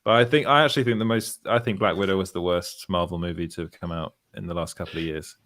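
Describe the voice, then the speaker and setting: A man's voice: deep voice, fairly even intonation, fast talker, fairly bright tone. A man hosting a casual podcast chat about films, rambling, restarting sentences and laughing often. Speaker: host.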